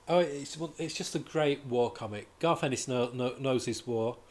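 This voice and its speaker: A man's voice: mid-range voice, unhurried. A man reviewing comics in casual chat, talking in an enthusiastic, rambling way and often restarting his sentences.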